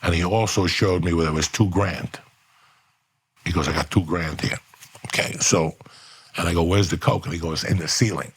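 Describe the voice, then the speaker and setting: A middle-aged man telling a long story on a podcast, profane and animated, acting out the voices of people in it. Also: deep voice, moderate pace, long pauses. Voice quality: gravelly, husky.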